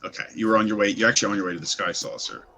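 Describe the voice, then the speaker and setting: A man's voice: on the low side, rapid-fire, creaky, pushed and bright, a little hiss or hum. A man narrating a tabletop game as game master, in a casual manner full of fillers.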